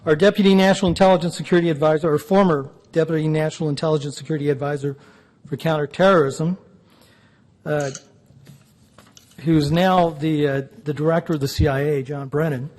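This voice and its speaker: A man's voice: a little high, steady tone, fairly quick, a little mellow. A man giving a public lecture, telling jokes in a dry, punchy storytelling way. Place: lecture hall.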